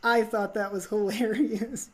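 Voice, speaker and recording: A woman co-hosting a casual film podcast, giggly and quick to slip into silly movie-quote voices. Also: mid-range voice, steady tone, a crowd in the background. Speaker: podcast co-host.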